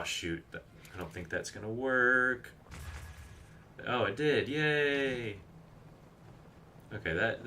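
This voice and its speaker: Low, bright-toned male game streamer. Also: slight background noise. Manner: chatty, rambling, reads chat aloud and explains game tricks. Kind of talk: casual live gameplay commentary.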